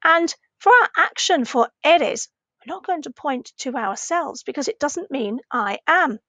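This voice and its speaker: A woman teaching a recorded lesson for children, slowly modelling phrases with a clearly rising question tone and patient, encouraging talk. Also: high-pitched, lively intonation, fairly bright tone, dry recording. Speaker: primary Spanish teacher.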